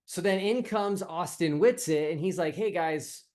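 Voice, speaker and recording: A man's voice: high-pitched, moderate pace, over music. Man hosting a casual commentary. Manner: storytelling with film comparisons. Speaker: host.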